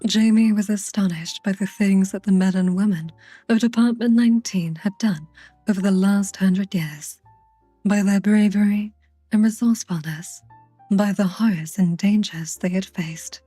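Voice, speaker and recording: A woman hosting a stream, reading a book aloud in a soft ASMR manner with playful teasing asides. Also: mid-range voice, moderate pace, slightly rough, dry recording, soft background music.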